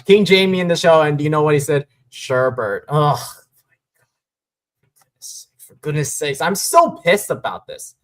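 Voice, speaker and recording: A man's voice: a little high, fairly bright tone. Ranting man hosting a sports stream. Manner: ranting, frustrated, swears. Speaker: podcast host. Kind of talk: casual sports talk.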